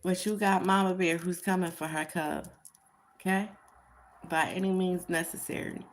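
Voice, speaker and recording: A woman's voice: on the low side, flat delivery, normal speed, a little hiss or hum. A woman giving a casual tarot reading commentary, talking in an emphatic, repetitive way and chuckling at her own remarks. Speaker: tarot reader.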